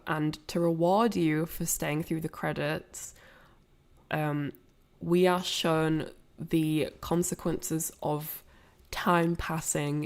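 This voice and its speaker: Woman, fairly low voice, casual film commentary, rambling, lots of fillers. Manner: rambling, many fillers and restarts. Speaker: streamer analysing a film.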